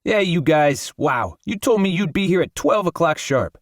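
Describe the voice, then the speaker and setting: A man puts on an excitable young poet who yells his indignant complaints in a raised, strained voice. The voice climbs well above the reader's own and lands each accusation hard. The sound is close and dry. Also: fairly high pitch, normal speed, no echo, voice pushed up, natural voice. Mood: indignant, excited. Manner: yelling, indignant outbursts.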